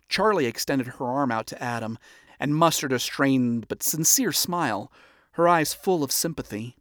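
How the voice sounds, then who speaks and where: A narrator reading a fan story aloud in a steady storytelling manner. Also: medium pitch, normal speed, no room sound, studio quality. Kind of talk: amateur audiobook reading of fan fiction.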